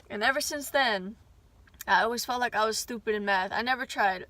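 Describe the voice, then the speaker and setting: A woman's voice: fairly high pitch, a little fast, sharp tone, dry recording. A young woman telling a casual storytime on her vlog, chatty and rambling, swearing often and breaking into asides. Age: young adult. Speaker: vlogger.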